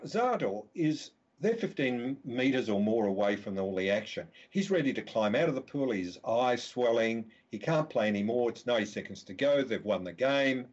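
A man's voice: mid-range voice, darkish tone, muffled recording. A man, a book author and guest, telling a vivid anecdotal story in an interview.

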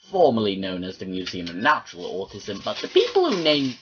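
A man's voice: on the low side, huge pitch swings, normal speed, long pauses, lo-fi sound, slight background noise. Swearing man flubbing his voice lines. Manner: swears often and breaks into laughs; shifts between British and American accents. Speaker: voice actor recording lines. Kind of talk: blooper reel of a home voice recording session. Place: a house with his dog.

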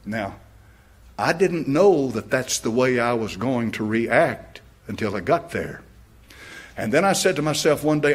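An older American pastor delivers a sermon in an animated, medium-pitched voice, unhurried, with a faint hiss or hum in the recording. He tells stories, laughs at them himself, and builds up to fervent questions.

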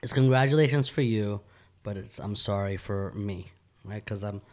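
A man's voice: lowish voice, moderate pace, darkish tone. A man co-hosting a podcast, teasing his friend with easy laughter in casual chat. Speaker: podcast co-host.

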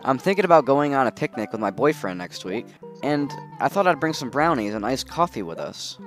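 A man's voice: mid-range voice, big pitch swings, a little fast, music in the background, close to an everyday voice. A man reading as a snooty, vain cat villager. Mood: haughty. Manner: haughty and mocking, read from game text.

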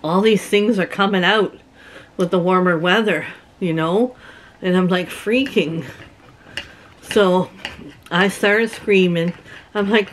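A woman's voice: medium pitch, measured pace, pauses often, a little hiss or hum. A middle-aged woman from Canada chatting casually to her viewers from her rural home, telling stories and laughing often. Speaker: vlogger. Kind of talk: casual chat to camera.

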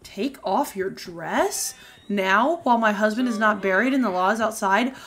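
A woman reading a mischievous highwayman's lines aloud from a romance book, in her own mid-pitched voice. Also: expressive, moderate pace, fairly bright tone. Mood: roguish. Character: charming, mischievous male highwayman.

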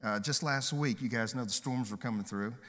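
A man's voice: mid-range voice, brisk, fairly bright tone. A man preaching a sermon from a church stage as pastor, upbeat and emphatic, slipping in jokes. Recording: long hall reverb.

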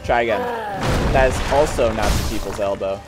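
A man's voice: on the low side, normal speed. A man streaming a video game, reacting with yelps, groans and silly asides. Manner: jokey baby talk and sing-song asides. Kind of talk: live gameplay commentary. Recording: loud game music behind.

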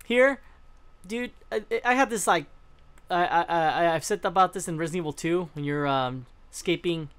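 A man's voice: on the high side, normal speed, fairly bright tone, clean tone. A young man giving casual let's-play commentary, rambling, swearing freely and often trailing off mid-thought. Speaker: gaming channel host.

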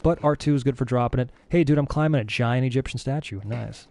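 A man giving excitable, chatty commentary while playing a video game. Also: medium pitch, quick pace, gravelly, no echo. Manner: excitable, chatty, says dude a lot. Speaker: gaming streamer. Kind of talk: casual gameplay commentary.

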